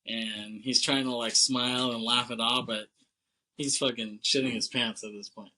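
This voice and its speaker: A young man in loose podcast chat, walking through a movie plot scene by scene. His voice is very bright and his pitch sits in the middle. He swears freely and slips into quick impressions of the characters as he goes. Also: fairly even intonation, rough recording. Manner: loose and profane, acts out characters' lines with laughs. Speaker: podcast co-host. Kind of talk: casual chat recapping a movie.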